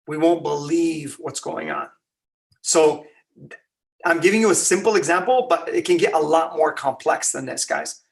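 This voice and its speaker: A man giving a conversational religious lecture, animated and quizzing his listeners with rhetorical questions. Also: a little high, measured pace, creaky, distant mic. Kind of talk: Ramadan lecture.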